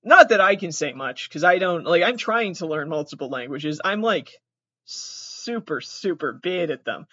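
With an animated, pushed, and bright medium-pitched voice at a moderate pace, a young adult comedian vlogger rambles casually, giggling often and swearing without restraint. The recording is dry, dull, and lo-fi, made on a built-in device mic instead of an external one.

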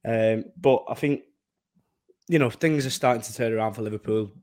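Young guy on a football podcast, rambles, laughs a lot, average pitch voice. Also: moderate pace, darkish tone. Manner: rambling, laughs often, self-mocking. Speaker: podcast co-host. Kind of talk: casual chat.

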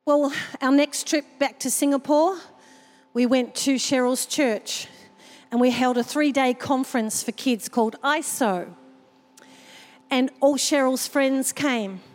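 Woman pastor preaching in church, high voice, long hall echo, emotional storytelling. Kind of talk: sermon. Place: church service.

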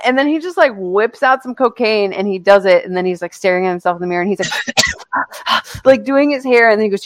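A woman's voice: mid-range voice, expressive, brisk, no room sound. A young woman co-hosting a podcast, telling a rambling, profane story in casual chat. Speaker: podcast co-host.

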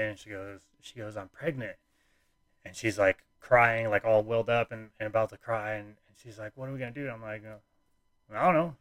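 Young man, low voice, rambling casual storyteller, dead-dry close recording. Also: a bit bright, no echo. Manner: rambling, frequent fillers and restarts, nonchalant.

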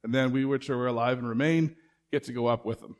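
A man's voice: mid-range voice, fairly even intonation, fast. Guy preaching a laid-back sermon, keeps asking "right?", plays out little bits of dialogue. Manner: conversational preaching with rhetorical questions, acts out dialogue. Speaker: pastor.

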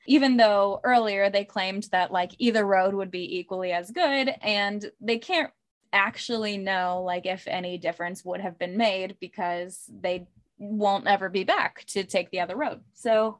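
A woman's voice: mid-range voice, fairly even intonation, measured pace. A woman co-hosting a podcast, talking casually about a poem with lots of "like" and "um" fillers. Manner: chatty, many "like" and "um" fillers, laughs often. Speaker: podcast co-host. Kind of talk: casual literary discussion.

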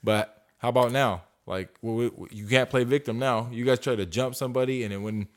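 Excitable man podcast co-host. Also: medium pitch, a little fast. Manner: loose, excited, swearing. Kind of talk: casual chat.

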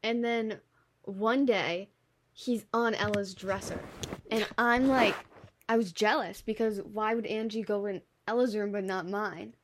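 A young woman talks with a friend in a casual chat, telling a childhood memory at a laid-back pace. Her voice sits at a middle pitch, and she swears freely. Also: fairly even intonation, unhurried, a little hiss or hum. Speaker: co-host.

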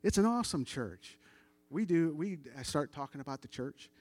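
A middle-aged man gives a church testimony in a relaxed, chatty storytelling voice that sits a bit higher than most men's. He acts out the voices in his story as he goes, and the sound is dry and close, with no room echo. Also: normal speed. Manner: conversational, animated retelling with quoted dialogue. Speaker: church member giving testimony.

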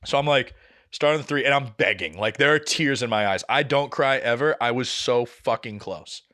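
A young man, telling a story on a podcast in casual, animated style, swearing often and acting out the people he quotes. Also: mid-range voice, moderate pace. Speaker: podcast co-host.

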